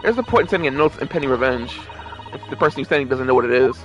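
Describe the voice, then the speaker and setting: A man playing a pompous gentleman detective. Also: medium pitch, lively intonation, very fast, dull audio, soft background music, natural voice. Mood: grandiose. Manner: pompous, theatrical, old-fashioned phrasing.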